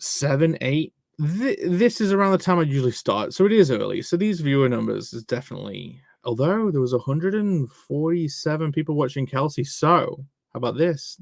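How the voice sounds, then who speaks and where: A man rambles through a live stream, reading viewer messages and joking as he goes. His voice sits a bit high and swings a lot in pitch, with a gravelly edge. The sound is dry and close. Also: no room sound. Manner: rambling, jokey, swears freely.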